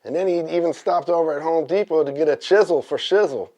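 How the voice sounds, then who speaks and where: A man guesting on a comedy talk show, telling rambling jokes in a deadpan, drawling way. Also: on the high side, fast. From Northern California.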